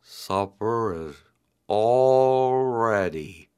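A man voicing a slow, patient male turtle in a storybook tale, drawing out his words. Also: fairly low pitch, expressive, dark tone, clear, resonant tone. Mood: sly. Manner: slow and drawn-out.

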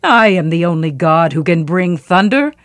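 A woman's voice: mid-range voice, sing-song, normal speed, no room sound, natural voice. A woman voicing a mighty, hot-tempered male thunder god in a storybook tale, giving orders. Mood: commanding.

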